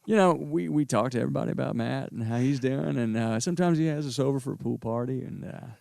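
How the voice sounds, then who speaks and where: A man's voice: medium pitch, quick pace, gravelly, darkish tone, no room sound, studio quality, pitched above the performer's own voice, natural voice. A man doing a drawling laid-back movie star. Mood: easygoing. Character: laid-back drawling famous actor, smooth charmer.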